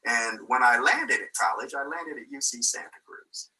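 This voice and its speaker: A man's voice: mid-range voice, lively intonation, moderate pace, sharp tone, recorded from a distance, rough recording. An older man giving a motivational talk, telling a personal story with quoted voices and small laughs. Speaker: guest speaker.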